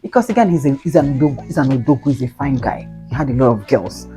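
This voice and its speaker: A woman in her twenties tells a personal story in a casual, animated way, with slangy exclaiming asides to her viewers. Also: very deep voice, quick pace. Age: 20s. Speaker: vlogger. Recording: faint guitar music behind.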